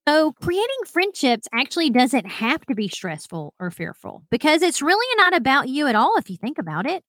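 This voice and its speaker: A woman's voice: sits high, sing-song, normal speed, a bit bright, no echo. A woman hosting her own podcast, chatting in an upbeat way and laughing often. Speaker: podcast host. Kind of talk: solo podcast talk.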